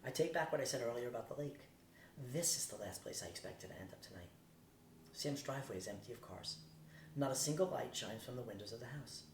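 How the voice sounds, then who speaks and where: A man reading a novel aloud in a steady, plain way. He sits at some distance from the mic in a roomy space, with a faint rumble behind him. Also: fairly quick. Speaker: audiobook reader.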